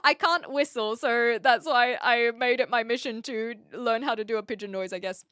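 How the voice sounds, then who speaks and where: Chatting casually with her viewers during a live stream, a woman reads chat messages, thinks aloud, and laughs frequently. Her voice is fairly high, fairly bright, clear, and resonant, at a moderate pace. The sound is clean studio quality with no echo.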